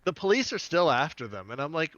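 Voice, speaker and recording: A man's voice: a little high, sing-song, a bit bright, dry recording, dull audio. A man co-hosting a podcast in casual chat, talking loosely with lots of fillers and jokes. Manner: chatty, filler-heavy, quick to joke. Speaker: podcast co-host.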